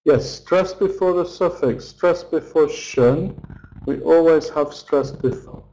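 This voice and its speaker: Slow, mellow male English teacher. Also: on the high side, rough recording. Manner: slow, deliberate, modelling words for repetition. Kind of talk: pronunciation lesson, slow drills.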